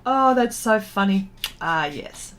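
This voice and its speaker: A woman's voice: on the high side, expressive, takes it slowly, a little hiss or hum. A middle-aged woman hosting a casual art livestream, chatting, reading viewer comments aloud and laughing often. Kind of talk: casual livestream chat while painting.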